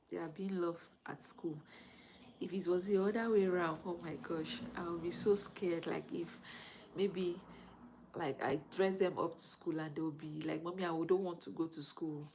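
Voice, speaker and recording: A woman's voice: on the low side, gravelly, darkish tone, slight background noise, rough recording. A Nigerian woman, a mother in her thirties, chatting casually on a live stream, greeting viewers and laughing often.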